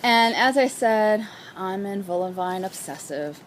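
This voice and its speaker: A woman's voice: medium pitch, animated, measured pace, slight background noise, poor audio. A young woman hosting a knitting podcast outdoors, chatting casually and gushing about her latest purchases. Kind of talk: casual chat.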